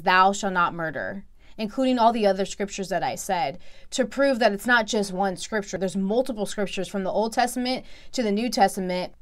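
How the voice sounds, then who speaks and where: A woman's voice: mid-range voice, smooth. Emphatic woman preaching in a reaction video. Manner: emphatic, preachy, repeats herself for stress.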